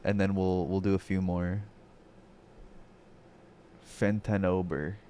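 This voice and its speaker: Laid-back joking male streamer, slow pace. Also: deep voice, flat delivery, warm tone, a little hiss or hum. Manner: jokey, laughs often, trails into wordplay. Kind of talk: casual reaction stream chat.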